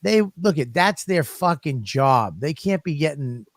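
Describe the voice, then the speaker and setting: A man's voice: a little high, animated, unhurried, dry recording, clean studio sound. Profane, rambling man with a raised voice. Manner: crude, profane, rambling storyteller. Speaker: podcast co-host. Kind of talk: casual comedic chat.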